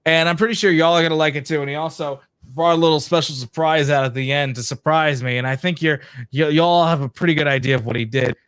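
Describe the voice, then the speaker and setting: A man's voice: on the high side, fairly even intonation, fast talker, hardly any pauses, fairly bright tone, clean tone. Male co-host, lightly raised voice, eager chat-show energy. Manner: enthusiastic, plugs upcoming episodes.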